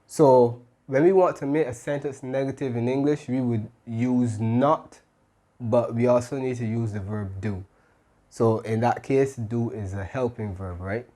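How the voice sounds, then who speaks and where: A man's voice: medium pitch, fairly even intonation, measured pace, warm tone. A man teaching an English grammar lesson, explaining step by step and often checking in with "right?".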